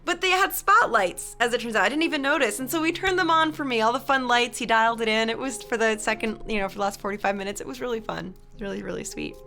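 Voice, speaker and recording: A young woman talks casually to her stream audience, spinning stories and laughing easily as she reads their messages aloud. Her voice is bright and a touch high. Soft music plays faintly behind her. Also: fast, hardly any pauses. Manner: chatty storytelling, laughs often, reads chat aloud. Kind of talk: casual chat with viewers.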